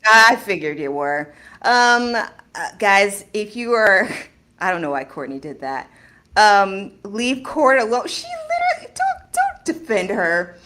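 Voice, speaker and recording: Lively woman chatting as host. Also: medium pitch, measured pace. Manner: animated, exclaiming, laughing. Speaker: podcast host reading fan fiction. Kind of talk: casual chat.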